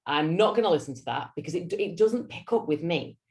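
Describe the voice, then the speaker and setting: Woman, Yorkshire accent, low voice, public speaking coach, theatrical and animated training talk. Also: brisk. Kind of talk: lunch-and-learn training talk.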